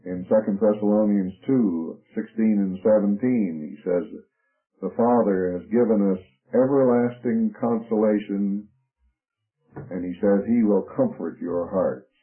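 A man with a fairly low voice teaches from scripture, moving steadily through numbered and lettered points. The sound is thin and narrow, like an old radio broadcast heard over a phone line. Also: measured pace. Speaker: Bible teacher.

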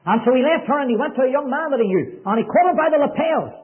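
A man's voice: extremely high pitch, lively intonation, fast talker. A male preacher telling a story in a sermon, fervent and urgent, repeating his phrases for emphasis. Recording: tinny phone-like recording.

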